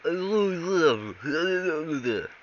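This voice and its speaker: Man putting on a silly fake-Russian spy. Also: expressive. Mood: goofy. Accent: fake Russian accent. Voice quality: high, slow, broken English. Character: bumbling fake-Russian male secret agent. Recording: dull recording with faint hiss.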